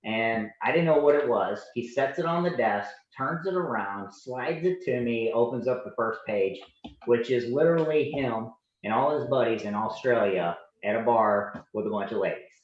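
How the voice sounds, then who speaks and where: A man in his forties, a podcast guest and Navy veteran, telling animated anecdotes in a casual way and acting out the people in them. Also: medium pitch, normal speed. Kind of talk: casual storytelling. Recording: roomy, dull lo-fi sound.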